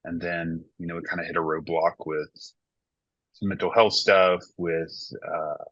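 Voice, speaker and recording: A man in his thirties speaks with a low, forceful voice, talking candidly and reflectively as a worship pastor in a casual podcast conversation. His tone is slightly husky. The recording is dull and lo-fi, with a dry sound. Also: level tone, a little slow, dry recording.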